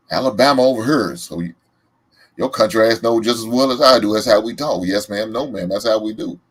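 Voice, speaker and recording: Southern guy hosting a reaction show, low husky voice, real lively. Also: fairly quick. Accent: Southern American. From American South. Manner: animated, emphatic, loud laughs. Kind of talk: casual reaction commentary.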